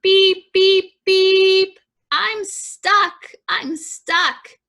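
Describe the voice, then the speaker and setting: A woman voicing a small, friendly blue pickup truck in a children's picture book, with high, eager beeping. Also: very slow, vocal fry, pushed and bright, heavily acted. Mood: panicked.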